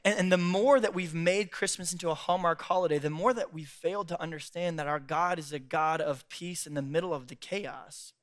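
A man preaching a sermon, joking and laughing often as he acts out quick little voices. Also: on the high side, fairly even intonation. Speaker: pastor. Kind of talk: comedic sermon. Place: church stage.

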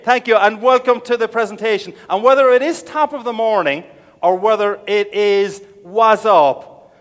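A middle-aged man with an Irish accent giving a comic keynote speech, a playful storyteller full of jokey asides. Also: sits high. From Ireland. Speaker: keynote speaker. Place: large conference hall. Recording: long reverb of a large hall.

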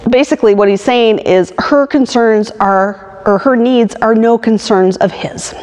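Woman, pastor, sermon, slow, unhurried delivery, long echo from a large hall. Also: a little high. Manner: reads a poem aloud, then preaches with lively emphasis. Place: church sanctuary.

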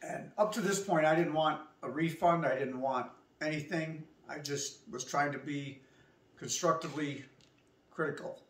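A woman's voice: low-pitched, moderate pace. Lady vlogging a story, does the back-and-forth herself, kinda far from the mic, roomy echo. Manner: animated anecdote-telling, acting out both sides of the dialogue. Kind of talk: casual travel storytelling. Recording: echoey room, voice from a distance.

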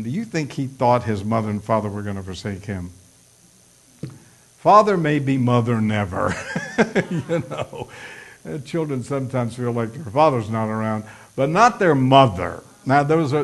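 A man's voice: mid-range voice, animated, unhurried. A male pastor preaching a sermon, acting out prayers in a raised voice, with folksy asides.

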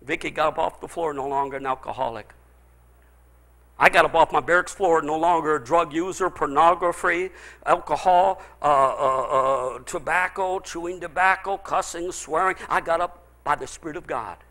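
A middle-aged man, a pastor, preaching a sermon as he tells stories, swinging between loud exclaiming and low, intense stretches. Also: normal speed.

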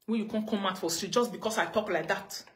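A woman with a Nigerian accent is ranting on a live video, her mid-range voice moving at a quick pace. She scolds someone, firing the same pointed questions at them again and again in a confrontational live rant.

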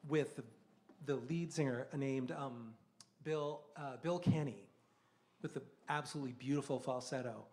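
A man's voice: medium pitch, dark tone, a little hiss or hum. A man singing in a vocal quartet, chatting casually to a small live audience between songs with plenty of ums and likes. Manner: casual, chatty, with many fillers. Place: small live music venue.

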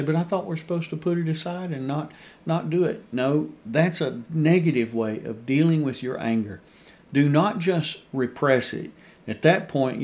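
A male pastor with a mid-pitched, gravelly voice leads a Bible study. He speaks earnestly, drives each point home by repeating it, and addresses his listeners as dear friends. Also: darkish tone.

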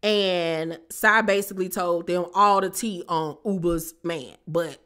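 Sassy woman recapping reality TV. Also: lowish voice. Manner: sassy, animated, chatty asides to viewers. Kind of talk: casual recap commentary.

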